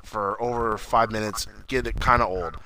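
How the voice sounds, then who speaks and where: A man co-hosting a casual podcast, swearing constantly and talking in a loose, excitable way. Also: on the low side, moderate pace, a little hiss or hum, low-quality recording. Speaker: podcast co-host. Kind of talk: casual profane podcast chat.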